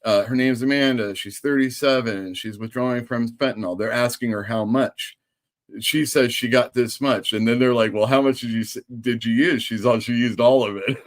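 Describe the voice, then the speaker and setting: A man's voice: medium pitch, fairly even intonation, normal speed. A man hosting a casual live stream, telling a story and acting out the people in it. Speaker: host.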